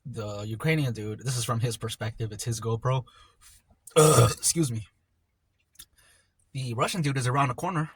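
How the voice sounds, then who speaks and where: A man's voice: mid-range voice, normal speed, long pauses, slight background noise. Laid-back rambling man storyteller. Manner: rambling, laid-back slang-heavy retelling with frequent trailing off. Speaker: mukbang vlogger. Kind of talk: casual storytelling while eating.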